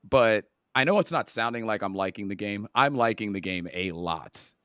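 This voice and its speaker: A man co-hosts a casual gaming podcast in a low voice. He rambles and restarts his sentences, tripping over words as he goes. The sound is dry and close. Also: lively intonation, normal speed, sharp tone, smooth, no echo. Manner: rambling, self-correcting, stumbles over words. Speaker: podcast co-host. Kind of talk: casual chat.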